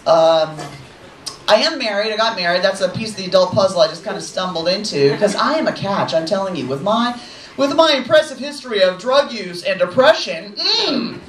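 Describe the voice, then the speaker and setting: A woman's voice: mid-range voice, expressive, moderate pace, slight background noise. A woman in her forties doing a brash, profane, self-mocking stand-up set on a comedy club stage. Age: 40s. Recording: echoey club mic from a distance, audience laughter. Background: crowd laughing.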